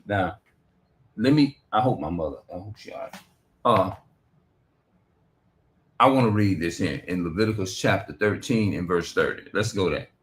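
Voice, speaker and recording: A man's voice: low voice, animated, moderate pace, pauses often. A man giving a rambling, profane religious monologue on a stream, reading scripture aloud between his remarks. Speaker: street preacher.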